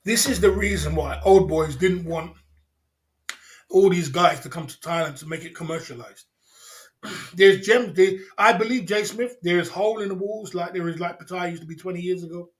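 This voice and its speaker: A man's voice: high voice, moderate pace. A man hosting a casual livestream chat, rambling and repeating himself and calling out viewers by name. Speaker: livestream host.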